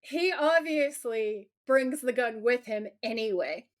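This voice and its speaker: A woman's voice: fairly high pitch, animated, slow. A woman co-hosting a podcast in casual chat, animatedly retelling scenes and acting out quotes, swearing freely. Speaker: podcast co-host.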